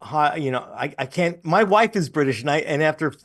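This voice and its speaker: Relaxed man telling stories on a call. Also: fairly high pitch, fairly quick. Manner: relaxed anecdotal storyteller, many restarts. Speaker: guest. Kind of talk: casual interview storytelling. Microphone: video call.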